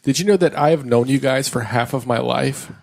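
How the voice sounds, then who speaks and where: A man's voice: medium pitch, fairly quick, creaky, very noisy. A man in his thirties co-hosting a podcast, chatting casually and joking with friends. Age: 30s. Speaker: podcast co-host. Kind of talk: casual chat.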